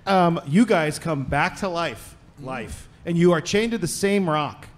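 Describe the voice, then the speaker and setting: A man running a live tabletop game, narrating with a playful, joking manner. His voice sits a little high, and he sometimes stumbles over his words. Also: animated, unhurried. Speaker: game master.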